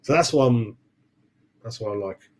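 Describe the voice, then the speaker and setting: Chatty football fan rambling. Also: male voice, mid-range voice, expressive, moderate pace, darkish tone. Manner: rambling and chatty, calls people "mate", forgets names. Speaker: football fan channel host. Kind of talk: casual live-stream chat with viewers.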